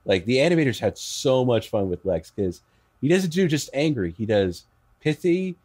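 A man's voice: mid-range voice, big pitch swings, normal speed, darkish tone, slightly rough. A man who is a guest on a podcast, talking casually in a chatty way with stammering restarts.

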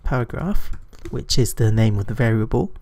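A man giving a screen-recorded coding tutorial, thinking aloud in an unhurried way with frequent fillers. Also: lowish voice, animated, a little mellow. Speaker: programming tutor.

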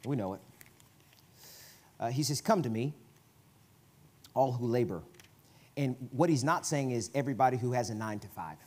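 A guest preacher, a man with a Southern US accent, talks to the congregation in a loose, conversational way. His pitch sits in the middle, but he swings between soft, low asides and sudden loud, emphatic bursts as he preaches in the church. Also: lively intonation, moderate pace, pauses often. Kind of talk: sermon. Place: church sanctuary.

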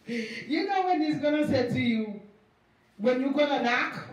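A woman pastor preaching a sermon, animated and repetitive, acting out little dialogues to drive her point home. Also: sits high, measured pace. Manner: animated, acts out dialogues, repeats phrases for emphasis. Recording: very echoey hall, voice from far off.

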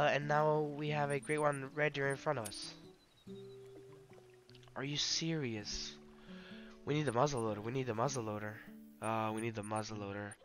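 A man streaming a hunting game, talking to his viewers in excited, rambling commentary. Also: fairly high pitch, clean tone. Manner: excitable, yelling in bursts then whispering to prey. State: hyped and emotional. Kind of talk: live gaming commentary.

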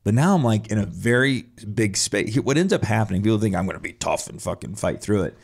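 A man's voice: fairly low pitch, lively intonation, fast talker, vocal fry, breathy edge. A man telling his own story in a casual, blunt and profane way, acting out his past reactions as he goes.

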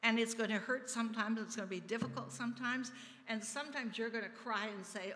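An older woman giving an earnest personal testimony during a church service, telling stories with soft laughs. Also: on the high side, fairly quick. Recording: reverberant church sanctuary.

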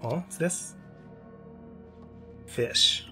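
A man giving let's play commentary on a horror game, excitable and yelping whenever something startles him. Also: drawn-out words. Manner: excitable, yelps and jumps high when scared. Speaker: gaming YouTuber. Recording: game music playing behind.

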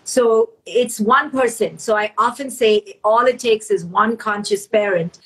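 Woman, middle-aged, husky, slightly high, fast, emphatic, guest author in an interview. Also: a bit bright, poor audio. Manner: fast, emphatic, acts out quoted voices. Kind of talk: conversational interview.

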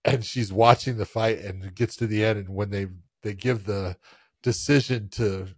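Animated storytelling man, lowish voice. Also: moderate pace, husky, no echo, clean studio sound. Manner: animated storyteller, loose and profane. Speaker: podcast co-host. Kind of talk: casual sports chat.

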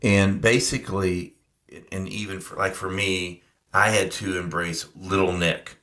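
Low-voiced guy on a podcast, bright tone, earnest and reflective. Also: flat delivery, unhurried. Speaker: podcast co-host. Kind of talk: casual podcast conversation.

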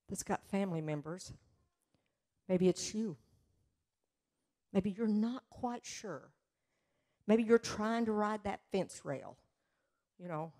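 A woman delivers a testimony sermon in church. She talks slowly and earnestly. Her voice rises with emotion as the story builds. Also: medium pitch, mellow. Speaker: church speaker.

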